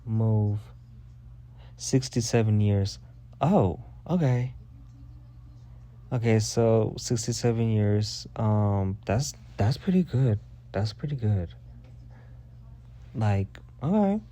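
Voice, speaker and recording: A man's voice: fairly low pitch, takes it slowly, long pauses, mellow. A young man hosting a casual solo gossip podcast, rambling, sassy and full of swearing. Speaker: podcast host.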